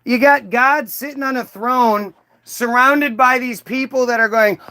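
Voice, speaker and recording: A man's voice: very high-pitched, fairly even intonation, a little slow, few pauses, pushed and bright. A man doing a profane, mocking stand-up comedy rant, slipping into silly voices for characters.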